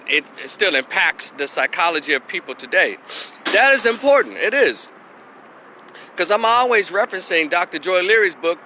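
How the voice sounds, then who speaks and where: A middle-aged man from Memphis, Tennessee delivers a blunt, opinionated vlog monologue as a commentator, sometimes imitating the voices he quotes. His voice is on the high side, pushed and bright. There's a little hiss or hum in the background.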